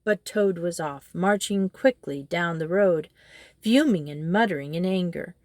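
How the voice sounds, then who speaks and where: Low-voiced woman reading a storybook. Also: unhurried, a little mellow, no room sound. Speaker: storybook reader. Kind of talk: storybook narration.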